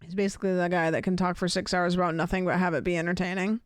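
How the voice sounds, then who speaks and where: A woman's voice: on the low side, flat delivery, racing, clear, resonant tone, no echo, studio quality. A woman streaming a game live, chatting casually, rambling and curious with lots of fillers and questions. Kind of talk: casual live-stream chat while gaming.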